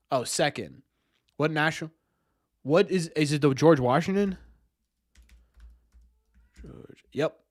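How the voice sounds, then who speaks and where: A man's voice: on the high side, no echo, studio quality. A young man streaming, thinking aloud through a quiz and mocking himself when he gets answers wrong. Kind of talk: live stream chat.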